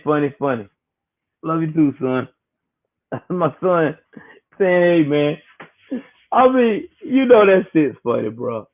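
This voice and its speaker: A man hosting a casual livestream, joking in slang and laughing often between remarks. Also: a little high. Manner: laughs constantly, slangy and animated. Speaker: livestream host. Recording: tinny phone-like audio.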